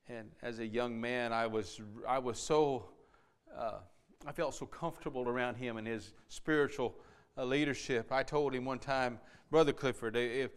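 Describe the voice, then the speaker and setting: A man preaching a sermon, swinging between fervent pleading and soft, hushed asides. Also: mid-range voice, clear, resonant tone.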